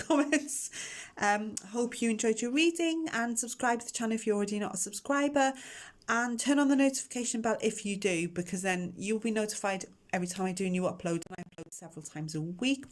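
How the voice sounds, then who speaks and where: Talking fast with lively intonation at a medium pitch, a woman hosts a casual tarot reading on camera. She's chatty and emotional as she addresses her viewers directly, captured indoors on a camera microphone.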